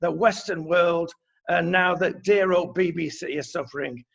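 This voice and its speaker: A man's voice: on the high side, normal speed, vocal fry, a bit bright. A man with a Manchester accent co-hosting an opinion chat, blunt and indignant, with many fillers. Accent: Mancunian. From England. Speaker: co-host. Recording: dull lo-fi sound.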